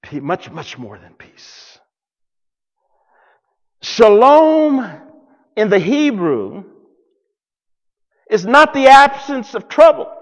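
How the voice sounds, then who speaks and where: A man preaching in a church sanctuary, his high voice rising and falling in wide, lively swings. He takes his time, dropping to hushed tones and then rising to loud declarations. A long reverb from the big hall trails every phrase. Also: very slow, long pauses. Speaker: pastor. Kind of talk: sermon.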